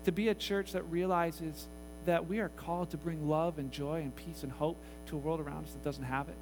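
A pastor telling a story in a sermon, acting out the voices of the people in it. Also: male voice, fairly high pitch, brisk, noisy background. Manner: animated, acts out voices in the story.

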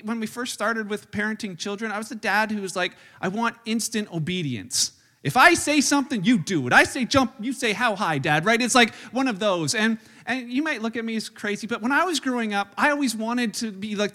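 Male pastor, high voice, sermon delivered as loose, self-deprecating storytelling. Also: bright, forceful tone. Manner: chatty, self-deprecating storytelling with many restarts. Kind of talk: sermon with family stories. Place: church service.

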